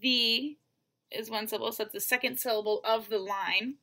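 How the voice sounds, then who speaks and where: Woman, teacher, recorded lesson, patient, step-by-step, addresses students, a little high-pitched. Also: fairly even intonation, moderate pace, bright, forceful tone. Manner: patient, counts out syllables one by one.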